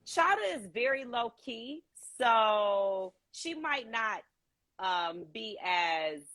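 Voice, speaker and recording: A woman hosting a live video call, chatting casually, animated and swearing freely. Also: a little high, slow pace. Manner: animated, swears casually, quotes people in put-on voices. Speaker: host of a live stream. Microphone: phone on a live video call.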